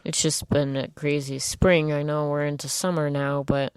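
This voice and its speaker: Low-voiced lady co-host, chatty, wry, trails off, dry close mic. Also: flat delivery, normal speed, a little mellow, clear, resonant tone, no echo. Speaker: podcast co-host. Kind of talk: casual chat.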